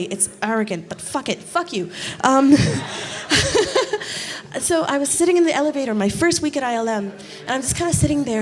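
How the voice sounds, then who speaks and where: A woman giving an informal inspirational talk on stage, candid and self-mocking, swearing freely and acting out what people said. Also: fairly high pitch. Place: event stage before a live audience.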